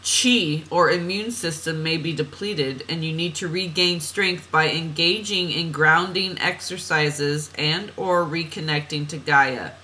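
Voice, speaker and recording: A woman's voice: low-pitched, measured pace, few pauses, pushed and bright, poor audio. A woman reading oracle cards for a client in a chatty, meandering way, laughing at herself and drifting off on tangents. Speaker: oracle card reader. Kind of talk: spiritual card reading monologue.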